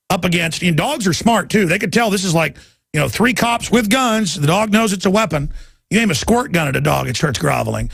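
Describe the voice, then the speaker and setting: A man's voice: fairly high pitch, gravelly, a bit bright, slightly rough, no room sound, studio quality. A man hosting a talk radio show, delivering an urgent, rambling monologue and calling his listeners folks.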